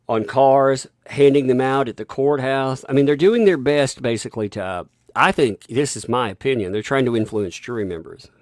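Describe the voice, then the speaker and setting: A man's voice: mid-range voice, dry recording, clean studio sound. A man hosting a commentary channel from his home, emphatic and rambling with frequent restarts. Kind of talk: opinionated commentary vlog. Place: home with a basement.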